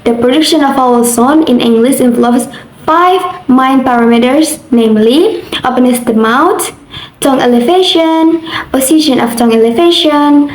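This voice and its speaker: A woman's voice: sits high, a little mellow. A young woman from Indonesia, a university student carefully reading a class assignment aloud, with occasional slips. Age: young adult. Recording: roomy echo, faint background noise.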